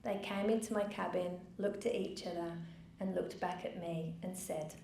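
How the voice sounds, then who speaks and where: A middle-aged woman giving a personal speech from a stage, earnest and measured with dry asides. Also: on the low side, fairly even intonation, vocal fry, dark tone. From United Kingdom. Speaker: founder giving a keynote speech. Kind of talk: personal story told from a stage. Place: event venue with a live audience. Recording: roomy venue, faint background noise.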